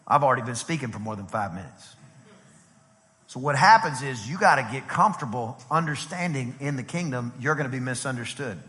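A middle-aged man preaching a sermon as pastor, lively and conversational, acting out quotes as he goes. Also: medium pitch, a little fast. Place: church sanctuary. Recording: long hall reverb from a church.

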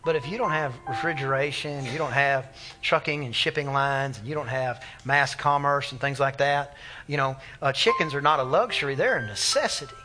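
A man's voice: medium pitch, normal speed, music in the background. A man, a pastor preaching an impassioned, conversational sermon. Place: church sanctuary.

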